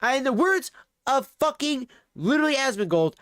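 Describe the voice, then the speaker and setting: A man's voice: very high-pitched, big pitch swings, moderate pace, fairly bright tone, dry recording. Angry streamer guy cussing nonstop, sarcastic rant, dead dry mic. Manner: profane, ranting, sarcastic. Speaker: livestreamer. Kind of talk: angry livestream commentary. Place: home streaming setup.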